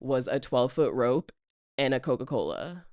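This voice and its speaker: A woman in her thirties, a comedian telling a story in casual chat, animated and laughing. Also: very deep voice, moderate pace, dry recording, clean studio sound. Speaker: comedian guest.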